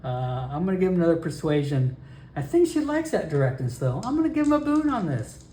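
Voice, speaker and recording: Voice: medium pitch, sing-song, fast, warm tone, echoey room, slight background noise. A solo tabletop role-player narrating casually and thinking aloud about dice rolls.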